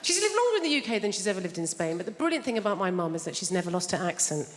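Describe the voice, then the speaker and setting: A woman's voice: medium pitch, sing-song, rapid-fire, few pauses, heavy background noise. A woman from England doing stand-up comedy with dry, self-mocking delivery. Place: large theatre stage. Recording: echoey live theatre with long reverb. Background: loud audience laughter.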